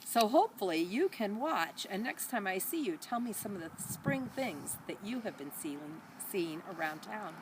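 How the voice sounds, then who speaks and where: A woman reading a storybook aloud for children, animated, with high voices for each animal. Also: normal speed, hardly any pauses, noisy background. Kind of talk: read-aloud storybook narration.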